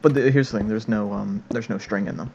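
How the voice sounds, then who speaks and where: A nineteen-year-old man chats over a game in a relaxed, halting way. His voice is low and full of fry, and the lo-fi mic muffles it. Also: a little hiss or hum. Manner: laid-back, hesitant, laughs. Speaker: gameplay video co-player. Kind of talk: casual gameplay chat. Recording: dull lo-fi mic.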